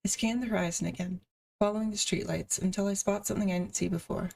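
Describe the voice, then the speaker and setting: Woman streamer, gravelly voice, far from mic, plain narration with casual asides. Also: mid-range voice, fairly even intonation, quick pace, a little mellow. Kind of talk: reading a visual novel aloud with asides.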